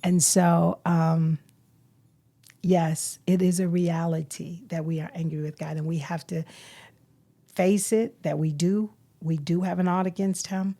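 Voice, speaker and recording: A woman speaking softly and reflectively about faith in a podcast chat, sometimes close to a whisper. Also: fairly low pitch, steady tone, unhurried. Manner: soft, reflective, drops into near whispers. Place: podcast recording.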